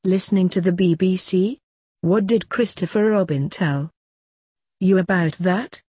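A woman's voice: lowish voice, unhurried, mellow, breathy edge, no room sound. A woman voicing a small male piglet who speaks in a dry, mocking, matter-of-fact way. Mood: sardonic.

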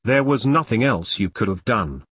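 Man reading gentle calm middle-aged handler guy, husky, dry audiobook read. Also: lowish voice, no room sound. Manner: gentle, measured, reassuring.

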